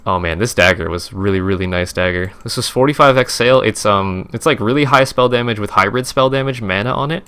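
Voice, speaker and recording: A man's voice: lowish voice, fairly quick, few pauses, pushed and bright, clean tone. A young man, a streamer, casually recapping his game trades in a rambling, profane, self-correcting way.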